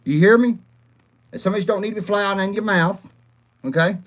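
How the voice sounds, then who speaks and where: A man's voice: high-pitched, brisk. A man hosting a rambling, profane live chat, often laughing and calling out viewers by name. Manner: crude, profane, rowdy, laughs a lot. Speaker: livestream host.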